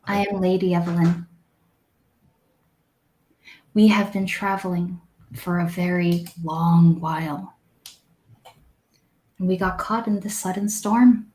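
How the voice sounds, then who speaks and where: Woman doing a soft polite elf lady, dainty, slow and gentle. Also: lowish voice, steady tone, roomy sound. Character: dainty graceful female elf noble.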